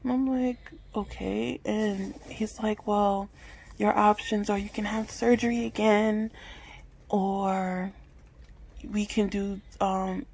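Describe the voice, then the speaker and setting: Husky-toned candid young woman vlogging. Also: mid-range voice, fairly even intonation, takes it slowly, a little mellow, poor audio. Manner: candid, emotional, swears freely. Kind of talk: personal talk to camera. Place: at home indoors. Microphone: phone camera.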